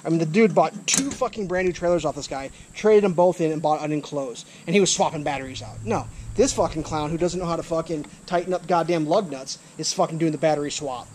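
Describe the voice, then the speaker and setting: A man's voice: on the high side, quick pace, few pauses, a little mellow, slight background noise. A man ranting to camera as a vlogger, frustrated, swearing often and repeating himself, recorded outdoors. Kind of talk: angry rant to camera. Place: outdoors by a trailer.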